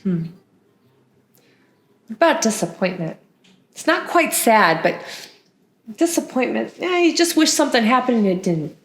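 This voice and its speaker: A woman's voice: fairly high pitch, big pitch swings, brisk, echoey room. Cheerful woman teaching young children. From United States. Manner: warm, sing-song teacher talk with playful sounds. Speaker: songwriting teacher. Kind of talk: children's lesson, gentle and encouraging.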